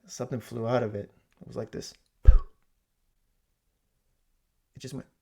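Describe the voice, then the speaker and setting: Man, gravelly voice, average pitch, comedic rant, basement at home, animated storytelling. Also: unhurried. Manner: animated storytelling, swinging from loud exclamations to hushed asides. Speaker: comedic ranter.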